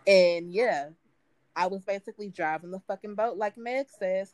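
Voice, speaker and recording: A woman in her twenties tells a rowdy story in loose, casual chat, laughing often and jumping up in pitch whenever she quotes someone. Her voice sits in a middle register. It is recorded close and dry, with no room sound. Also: moderate pace, no room sound. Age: 20s. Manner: animated, laughing, acts out quotes in a higher voice.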